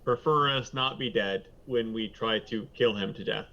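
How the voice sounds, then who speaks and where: A man's voice: fairly low pitch, normal speed, bright, forceful tone. A man playing in a tabletop game, joking wryly with the group. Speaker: player. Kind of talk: casual tabletop play. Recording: dull lo-fi mic.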